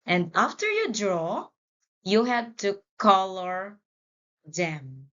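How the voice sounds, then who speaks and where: A woman teacher giving a children's English lesson, prompting read-alongs in a slow, deliberate way. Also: medium pitch, big pitch swings, a bit bright, highs cut off.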